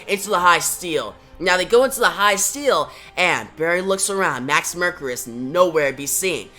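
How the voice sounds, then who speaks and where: A man narrates a comic story with lots of excitement, dropping in his own sound effects along the way. His voice is bright and pushes forward, and faint music plays behind him. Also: sits high, normal speed, few pauses. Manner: enthusiastic, adds sound effects. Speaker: comic book reviewer. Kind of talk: casual comic recap.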